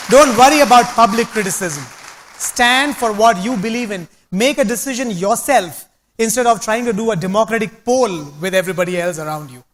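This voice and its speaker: Guy, highish voice, preachy motivational speech, hammers his points. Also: fairly bright tone. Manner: emphatic, preachy, repeats phrases. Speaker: motivational speaker. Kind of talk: motivational stage talk.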